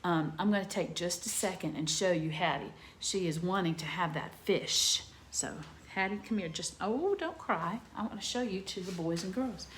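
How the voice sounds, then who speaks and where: A middle-aged woman teaching young children a phonics lesson from home into a laptop camera, sounding out letters slowly and clearly. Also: fairly low pitch, expressive, roomy sound, a little hiss or hum. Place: home room.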